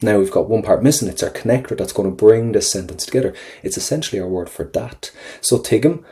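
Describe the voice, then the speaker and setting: A woman's voice: very deep voice, lively intonation, quick pace, warm tone. An Irish-accented woman teaching Irish-language vocabulary, saying each phrase and then repeating its English meaning. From Ireland. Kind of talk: explaining vocabulary step by step.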